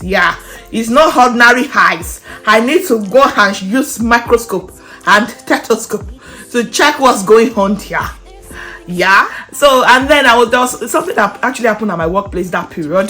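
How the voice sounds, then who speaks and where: Young woman vlogging, chatty and lively, laughs a lot, mid-pitched voice, soft music behind. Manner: animated, laughs often while talking. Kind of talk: casual chatty storytelling to camera.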